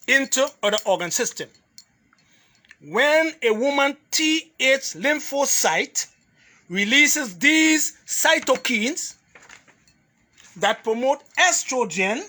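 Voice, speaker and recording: A man's voice: extremely high pitch, sharp tone. A man giving a health lecture to a live audience as a holistic health speaker, emphatic and repetitive, listing rules point by point and laughing between them.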